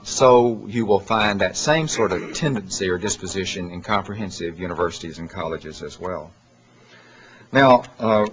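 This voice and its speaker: A man giving an academic lecture from a handout, pausing often with fillers and correcting himself. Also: lowish voice, breathy edge. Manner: halting, many "uh" fillers and self-corrections. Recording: dull lo-fi lecture recording.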